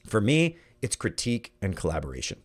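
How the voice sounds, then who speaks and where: A man's voice: lowish voice, wildly swooping pitch, fairly quick. Earnest middle-aged man teaching a workshop. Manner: earnest, conversational, repeats words as he thinks. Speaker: workshop presenter. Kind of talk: online workshop talk.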